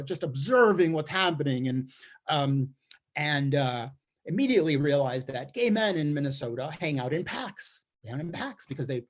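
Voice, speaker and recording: A man giving a wry, observational comic storytelling monologue, often restarting his sentences. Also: fairly high pitch. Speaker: storyteller performer. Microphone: streamed performance mic.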